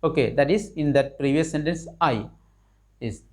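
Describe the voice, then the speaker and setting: A man's voice: on the high side, moderate pace. A man teaching an English grammar lesson, explaining with repetition, restarts and fillers, rising on questions to his learners.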